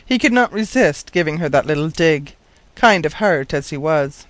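A man narrating a storybook in a measured, wry manner, his voice sitting slightly higher than most men's. The recording is dry and close, with no room sound. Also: expressive, fairly bright tone, dry recording. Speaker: audiobook narrator. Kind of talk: scripted narration.

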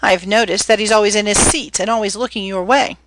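A woman's voice: mid-range voice, steady tone, brisk, fairly bright tone, close to an everyday voice, low-quality recording. A woman reading as a young man, a teasing yet protective older brother who talks in a breezy, slangy, earnest way.

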